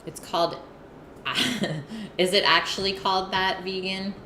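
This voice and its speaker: A woman speaks slowly in a bright, forceful, medium-pitched voice as she hosts a live cooking stream. She chats casually with viewers between bites and reads their messages out loud. The home stream audio is roomy and noisy.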